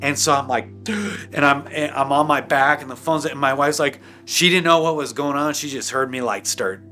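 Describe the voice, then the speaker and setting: A man with a bright, forward voice recounts a personal testimony in an intense, rambling way, tripping over restarts and filler words. At the heaviest points his voice sinks to a hushed low, and faint music plays underneath. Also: moderate pace. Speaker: guest sharing a personal testimony. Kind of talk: emotional first-person testimony.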